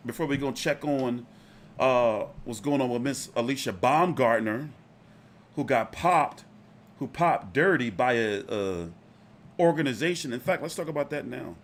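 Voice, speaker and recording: Chatty, cussing boxing-channel host. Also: male voice, mid-range voice, measured pace. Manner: loose and chatty, swears freely, lots of "like" and "you know". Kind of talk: casual fight commentary.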